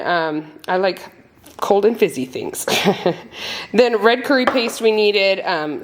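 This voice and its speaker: A woman talks casually to her viewers in a chatty, upbeat vlog. She rambles along with plenty of ums and restarts. The tone is relaxed and friendly throughout. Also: mid-range voice, a little hiss or hum. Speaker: homesteading family vlogger. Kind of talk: casual chat to camera.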